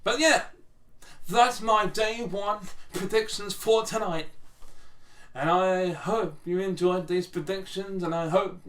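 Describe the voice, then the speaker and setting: A man's voice: high voice, slow, a bit bright, far from the mic. A man casually rambling through wrestling predictions on his channel, with restarts and swearing. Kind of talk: casual solo commentary to camera.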